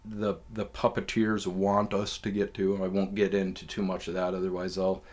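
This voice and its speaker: A man with a fairly low voice tells a story in a loose, meandering way. He swears freely and keeps stopping on "uh" and "um" as he talks, like a host chatting off the cuff. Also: monotone, moderate pace, darkish tone. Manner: profane, loose and conversational with many fillers. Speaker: podcast host. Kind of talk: casual rambling storytelling.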